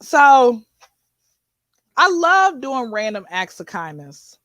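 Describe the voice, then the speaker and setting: A woman comedian in a casual interview, talking in an animated, preachy way with sassy asides. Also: high voice, takes it slowly, no room sound. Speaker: comedian guest.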